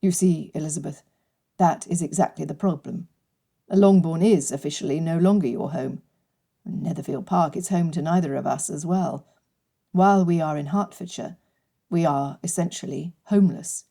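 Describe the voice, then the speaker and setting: A woman voicing a reserved, injured young gentleman in an audiobook, speaking in a formal, earnest way with her voice pitched a little lower. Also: normal speed, gravelly. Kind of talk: audiobook character reading.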